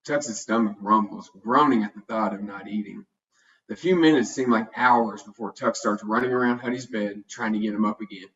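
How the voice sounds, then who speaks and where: A man narrating a children's storybook in a steady, plain reading voice. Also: lowish voice, normal speed. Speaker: storybook reader. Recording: dull, distant home recording.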